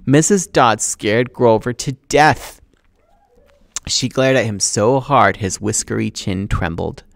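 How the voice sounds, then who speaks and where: Male teacher reading aloud, expressive, lowish voice, dry close sound. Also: slow pace, vocal fry, dry recording. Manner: expressive, acting out the dialogue.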